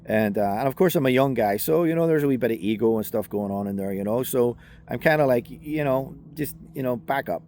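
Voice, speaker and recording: A man's voice: lowish voice, a little fast, a little mellow. Northern Irish man telling a story. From Northern Ireland. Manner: conversational, many fillers and restarts. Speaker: self-defense instructor. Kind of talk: casual storytelling.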